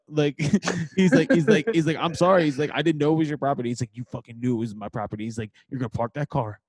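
A man's voice: mid-range voice, slightly rough, no echo. A young man co-hosting a podcast in casual chat, telling stories with acted-out quotes and lots of swearing. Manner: animated storyteller, acts out quotes, swears freely. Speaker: podcast co-host.

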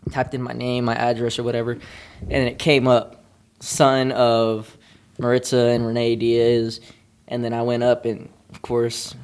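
A man in casual conversation, laid-back and crude-humored, telling stories. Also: mid-range voice. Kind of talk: casual chat.

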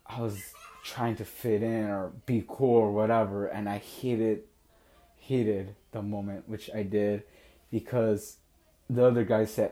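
A young man hosting a podcast, telling a personal story in a casual, animated way and laughing often. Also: on the low side, unhurried. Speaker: podcast host.

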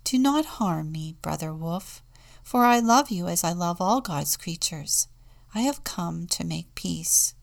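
A woman reading a storybook aloud, voicing a gentle, calm male friar who speaks kindly. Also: lowish voice, measured pace, vocal fry.

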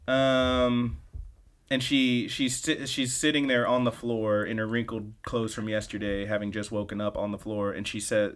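A man with a fairly low voice talks through a recap in a relaxed, offhand way. He runs the show as host, keeps things loose and conversational, and swears casually. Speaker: podcast host.

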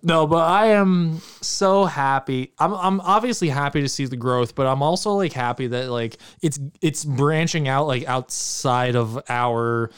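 An American man co-hosting a podcast, chatting loosely and cracking jokes. His voice is smooth and resonant, sitting at an ordinary middle pitch, and he swears and laughs freely. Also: unhurried, few pauses. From United States, New York area. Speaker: podcast co-host. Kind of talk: casual chat.

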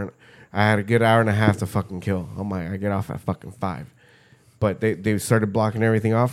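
A man's voice: on the low side, a little fast. Male podcast co-host, loose profane storyteller who trips over his words. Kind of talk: casual chat.

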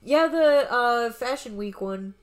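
A woman's voice: a little high, lively intonation, slow. A young woman comedian guest telling stories in a casual, rambling way, full of restarts and swearing. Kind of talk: casual conversational storytelling.

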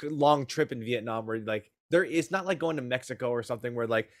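A man co-hosting a podcast, explaining things in a relaxed, casual way. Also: mid-range voice, fast. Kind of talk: casual chat.

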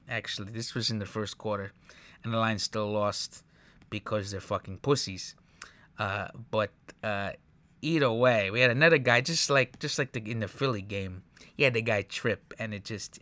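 Bright-voiced man ranting over football highlights. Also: dry recording. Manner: profane, exasperated, ranting. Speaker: sports commentator reacting to highlights. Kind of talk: profane casual football highlight breakdown.

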